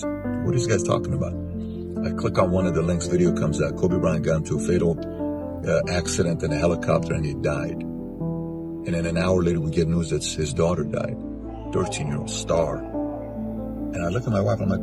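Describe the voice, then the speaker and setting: A host in his forties offers an emotional spoken tribute, earnest, emphatic, and repetitive, over a music bed. His voice sits low with vocal fry, his intonation fairly even and his speed normal.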